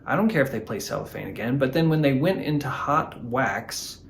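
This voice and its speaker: Man guest fan, rambling with pauses, mid-pitched, faint noise behind. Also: animated, gravelly. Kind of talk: casual chat review.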